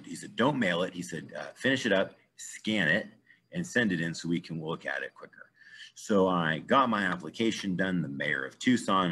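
A middle-aged man from the United States telling an animated story to a live group, acting out the people he quotes. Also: low voice, husky. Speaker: guest speaker.

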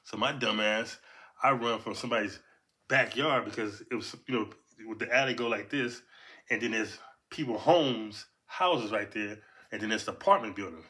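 A man in his fifties from Los Angeles, telling a personal story in animated, profane street talk. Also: moderate pace. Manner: animated, profane, punctuates with "boom". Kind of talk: casual storytelling.

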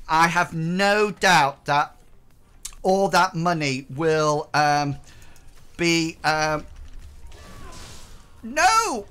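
A woman's voice: low-pitched, a bit bright. A woman streaming a game live, exclaiming often and getting emotional as she thanks viewers. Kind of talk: live charity gameplay stream.

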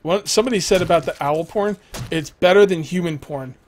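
A man's voice: high voice, brisk, a little hiss or hum. A young man chatting casually on a game live stream, rambling, laughing often and reading viewers' messages aloud.

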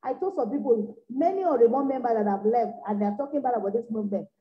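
High-voiced woman preaching revival. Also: fast. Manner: exhorting, repetitive, swinging from soft to loud bursts. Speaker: evangelist preacher. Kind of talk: revival sermon. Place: church meeting room. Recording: echoey, dull lo-fi room recording.

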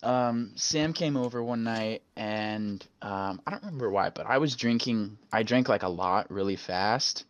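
A man's voice: fairly low pitch, a little slow, hardly any pauses, highs cut off, slight background noise. A young man hosting a podcast, telling a story in casual chat with crude, rambling swearing. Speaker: podcast host.

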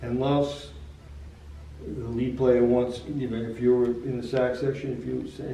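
A man's voice: medium pitch, fairly even intonation, unhurried, darkish tone. A man, a saxophonist, explaining jazz articulation in casual chat, often repeating words as he goes. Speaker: saxophonist and teacher. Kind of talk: casual music lesson chat. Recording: roomy, distant from the mic.

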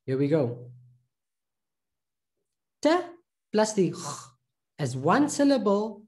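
Slow, patient male reading teacher. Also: high voice, very animated, darkish tone. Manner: patient, drills syllables with many slow repetitions. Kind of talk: recorded pronunciation lesson.

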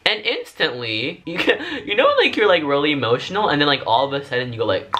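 A man's voice: mid-range voice, lively intonation, quick pace, sharp tone. A man telling a story to his vlog audience in a casual, chatty way, full of fillers and frank swearing.

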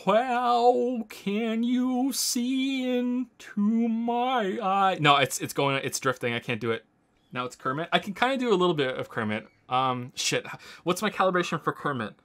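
A man streaming a game and commenting casually, rambling into excited asides and swearing freely. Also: medium pitch, fairly quick. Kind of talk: casual live gameplay commentary.

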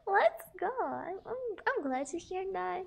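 A young woman with a very high, light voice chats with her stream viewers as she plays. She talks in an unhurried, drawn-out way, bubbly and giggly, greeting people and counting out numbers aloud. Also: sing-song, vocal fry. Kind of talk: casual live-stream chat while gaming.

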